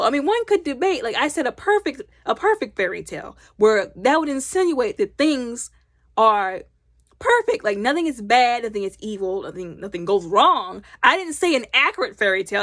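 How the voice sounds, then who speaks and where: A woman recapping a film loudly and animatedly, acting out the characters' lines. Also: fairly high pitch, no echo, studio quality. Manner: loud. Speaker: movie reviewer. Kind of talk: casual movie recap.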